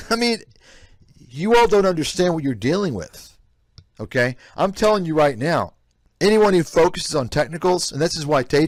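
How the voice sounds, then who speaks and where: On a live stream, a male host and investment analyst reacts to clips with blunt, scornful commentary, ranting repetitively. His voice is fairly high-pitched, recorded cleanly in a studio with no room sound.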